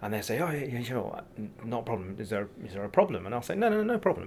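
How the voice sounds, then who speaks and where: A man guesting as a business coach, telling his anecdotes briskly and chuckling at his own points. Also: medium pitch, sing-song, creaky, a little mellow, a little hiss or hum. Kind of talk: anecdotal interview talk.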